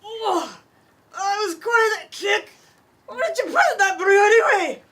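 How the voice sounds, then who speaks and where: A woman's voice: very high-pitched, measured pace, a bit bright, pitched above the performer's own voice. A woman voicing a jolly, ale-loving female dwarf in a live read-through of a comedic ad. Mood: hearty.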